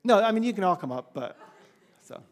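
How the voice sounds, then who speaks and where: A man's voice: high-pitched, brisk. Male trip leader, chatty and casual, telling a church crowd about the trip. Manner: chatty, animated when quoting others. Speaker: mission trip leader giving a church report. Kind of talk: casual storytelling to a congregation.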